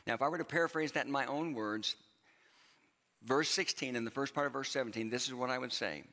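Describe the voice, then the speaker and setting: A man preaches a sermon from a stage in a bright, forceful voice. He talks to the congregation in a conversational way and repeats phrases for emphasis. His voice carries a long reverb through a church hall. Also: mid-range voice, a little fast. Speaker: pastor.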